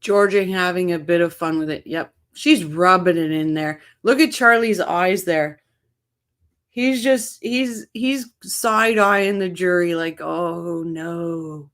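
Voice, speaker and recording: A woman's voice: on the low side, measured pace, a bit bright, clean tone. A woman hosting a true-crime show, casually commenting on trial footage with blunt, sarcastic asides. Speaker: true-crime channel host.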